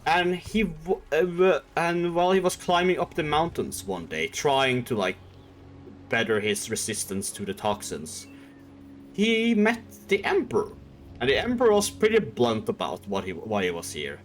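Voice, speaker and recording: A man's voice: on the high side, very animated, moderate pace. A man streaming and casually retelling a story in a rambling, irreverent way, with swearing and laughter.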